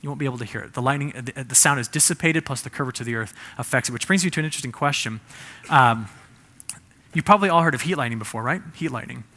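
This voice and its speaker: A man's voice: medium pitch, very fast, pushed and bright. A man giving a humorous presentation, quizzing the audience with shows of hands.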